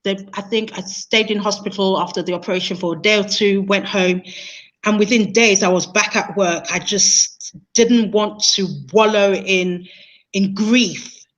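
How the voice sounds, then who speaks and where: Woman, interview guest, earnest, emotional, repeats herself, mid pitch, slightly muffled call audio. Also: steady tone, measured pace. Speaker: interview guest, training consultant. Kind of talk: personal storytelling in conversation.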